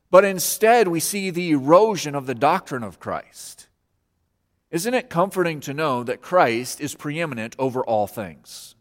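Emphatic pastor preaching in a reverberant hall. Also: male voice, on the high side. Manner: earnest, emphatic, repeats key phrases. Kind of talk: sermon.

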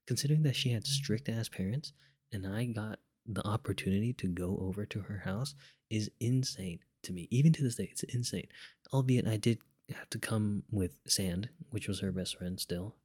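A man's voice: lowish voice, moderate pace, mellow, dry recording, clean studio sound. Laid-back young man rambling through a story. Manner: rambling, full of fillers and restarts; laid-back, chuckles now and then. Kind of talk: casual personal storytelling.

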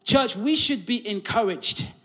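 A man preaching a sermon, telling a story with many fillers and restarts and building to loud emphasis. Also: sits high, expressive, measured pace. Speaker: pastor.

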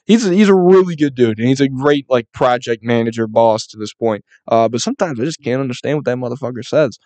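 A man's voice: medium pitch, fast, hardly any pauses, darkish tone, no room sound. A young man who works as a construction painter, ranting casually and rambling, with heavy swearing and lots of "like" fillers. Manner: profane, rambling, many "like" fillers.

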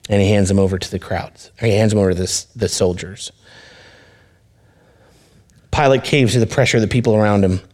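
A man's voice: fairly low pitch, steady tone, a little fast, long pauses, darkish tone. A male pastor preaching a sermon in an earnest, conversational way, speaking directly to his listeners.

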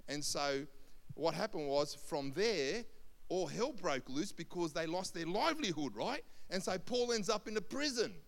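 A man's voice: sits high, moderate pace. A man, a senior pastor telling a Bible story in a sermon, acting out the voices of people in it. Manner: animated storyteller, acts out voices in quotes. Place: church hall. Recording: long hall reverb.

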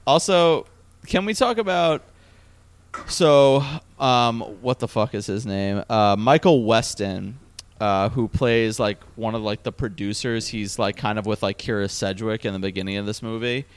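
A man co-hosting a film podcast, excitable and laughing, full of "like" and "um". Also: fairly low pitch, a little slow, smooth. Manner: laughing, excitable, lots of fillers. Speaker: podcast co-host. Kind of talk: casual film chat.

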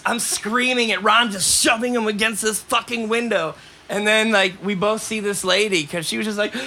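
Bright-voiced man telling a rambling story. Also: high-pitched. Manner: rambling, animated, coughs between lines. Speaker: podcast host. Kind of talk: casual storytelling.

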